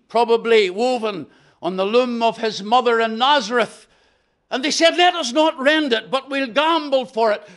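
A man with a Northern Irish accent preaching a gospel hall sermon, slow and emphatic, with sudden drops to a near hush. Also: extremely high pitch.

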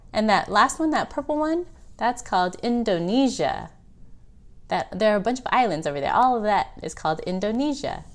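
A woman tutor giving a children's geography lesson, patiently correcting pronunciation slowly and clearly. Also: mid-range voice, expressive.

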